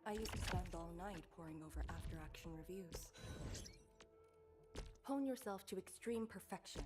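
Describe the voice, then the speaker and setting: A woman voicing a composed, disciplined soldier in a video game, delivering scripted lines in a calm, measured way. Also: on the low side, music in the background, natural voice. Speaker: game character voice line.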